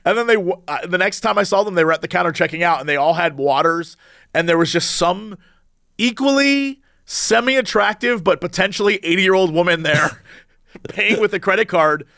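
A man co-hosting a podcast in casual chat, telling rambling, animated stories. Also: sits high, normal speed, gravelly, dry recording, studio quality. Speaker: podcast co-host.

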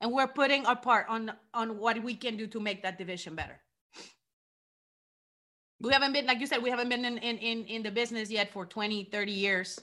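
A woman's voice: on the high side, brisk, sharp tone. A woman from Mexico with a Mexican accent, a wrestling champion speaking with passion in an interview, often repeating herself.

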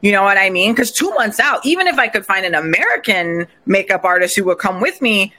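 A woman guest in a casual interview, telling her story in an animated, expressive way. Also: medium pitch, brisk. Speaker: podcast guest, recent bride.

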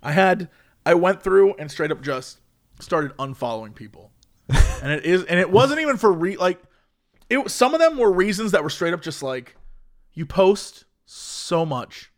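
Man, high voice, very lively pitch, casual streamer chat, acts out other people. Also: moderate pace.

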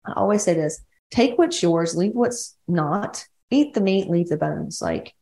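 A woman from West Georgia with a Southern accent hosts her own solo podcast as a women's coach, speaking in a lowish, warm, animated voice at a measured pace. Her talk is blunt and rambling, with plenty of swearing, and the room is echoey.

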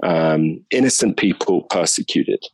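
A man's voice: sits low, expressive, measured pace, darkish tone, husky, no room sound, rough recording. A man with a British accent, a guest commentator giving emphatic, opinionated views in a conversational political discussion. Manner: emphatic and opinionated, thinking aloud.

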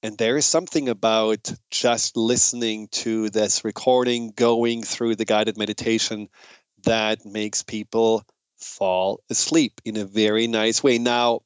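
A man with a German accent talks as a radio host in an easy, conversational way. His voice is smooth and resonant, recorded dry and close with no room sound. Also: fairly low pitch, measured pace, no echo. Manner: relaxed, conversational, with fillers and restarts. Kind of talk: casual radio talk.

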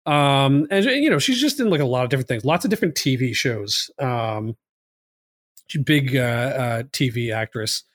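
A man's voice: medium pitch, animated, normal speed, no room sound. A man hosting a casual movie podcast, rambling with lots of fillers and "like.". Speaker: podcast host.

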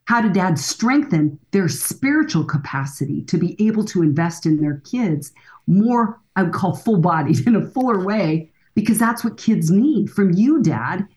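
A woman's voice: on the low side, animated, normal speed, darkish tone. A woman in her sixties, a counselor and author, speaking earnestly and emphatically as a guest in a podcast interview. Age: 60s.

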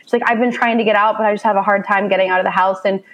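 A woman's voice: medium pitch, racing, muffled recording. A woman in her thirties from Indiana, a mother of a child with special needs, telling a personal story in a heartfelt conversational way. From Indiana, USA. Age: 30s. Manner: heartfelt, animated when quoting herself.

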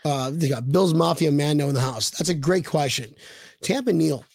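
A man co-hosting a casual sports podcast livestream, excitable, stammering through restarts and reading out viewer comments. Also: on the high side, moderate pace, gravelly, no room sound. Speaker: podcast co-host.

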